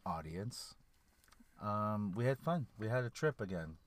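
A man's voice: lowish voice, big pitch swings, unhurried. A young man hosting a casual podcast from inside a car, teasing his co-host and rambling with restarts. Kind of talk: casual banter in a parked car.

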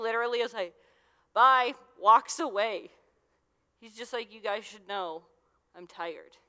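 A young adult woman giving a casual, conversational sermon as a youth minister, with lots of fillers. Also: medium pitch. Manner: chatty, conversational, with many fillers. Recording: long hall reverb.

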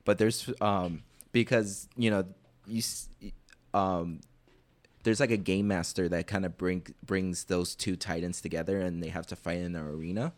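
A young man chatting casually, rambling through animated story retellings. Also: low-pitched, moderate pace. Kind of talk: casual chat.

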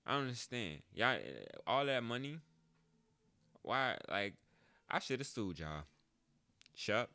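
A man's voice: mid-range voice, lively intonation, slow, pauses often, pushed and bright, clear, resonant tone, no room sound. A man hosting a podcast, telling a story in a casual, joking monologue and swearing freely. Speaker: podcast host.

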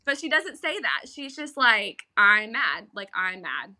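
Bright-voiced woman podcast co-host. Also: mid-range voice, measured pace. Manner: animated, acts out quoted dialogue. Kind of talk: casual chat.

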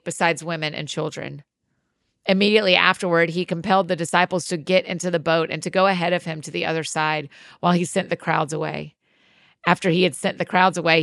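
A woman with a fairly low voice reads scripture aloud in a measured, even tone. The sound is close and dry, with no room around it. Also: dry recording. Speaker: scripture reader. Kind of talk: scripted Bible reading.

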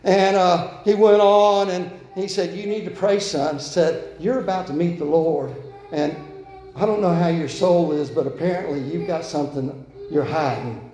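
Earnest preacher in echoey church. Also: male voice, fairly high pitch, moderate pace, soft background music. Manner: earnest, swings from loud urging to quiet pleading. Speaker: pastor. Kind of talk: sermon. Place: church sanctuary.

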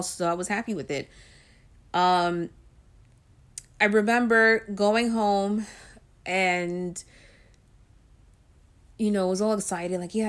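A woman of Guyanese and Puerto Rican heritage telling a personal story in a chatty way, with frequent ums and likes. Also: medium pitch. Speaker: vlogger.

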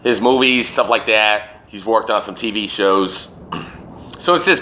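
A man's voice: on the low side, measured pace, pushed and bright, slight background noise. A man hosting a solo podcast, talking in a rambling, profane and emphatic way. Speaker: podcast host. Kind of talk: casual solo podcast rant.

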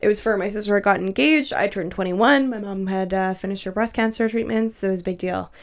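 A woman's voice: medium pitch, fast talker. A young woman in her twenties telling a story in casual podcast chat, swearing a lot and laughing often. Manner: profane, laughing, animated storyteller.

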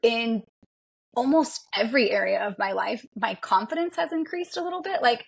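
A woman who fights and bodybuilds, a guest on a podcast, telling stories in a candid, self-mocking, animated way. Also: on the high side, moderate pace, vocal fry, breathy edge. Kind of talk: casual interview chat.

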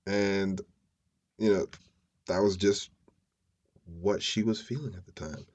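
Profane low-voiced storytelling man. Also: slow pace, darkish tone, dull audio. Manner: profane, slangy, chuckling asides. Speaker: podcast host. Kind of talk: casual true-crime storytelling.

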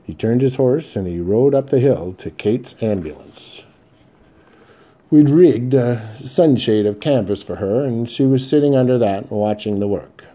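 Male audiobook narrator, dark timbre, steady measured read. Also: medium pitch, muffled recording. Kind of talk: scripted first-person Western narration.

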